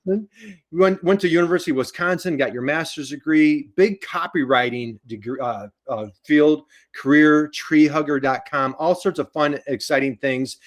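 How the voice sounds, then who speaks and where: A man's voice: fairly high pitch, moderate pace. A man hosting a casual live-streamed show, upbeat and chatty, often restarting his sentences. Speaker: host.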